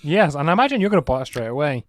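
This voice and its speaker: A young man talks fast, with a pitch that jumps up and down. He jokes and is skeptical of everything, and his voice sounds dry and close to the mic. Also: big pitch swings, no echo. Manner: quick, joking, skeptical. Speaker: podcast co-host. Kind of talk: casual chat.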